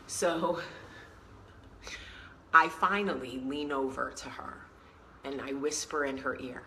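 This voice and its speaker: A woman hosting a casual vlog, telling a story in a chatty, animated way and acting out what people said. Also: deep voice, a little slow, long pauses, a little hiss or hum, poor audio. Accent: New York. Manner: chatty, animated storyteller who acts out quotes. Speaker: vlog host.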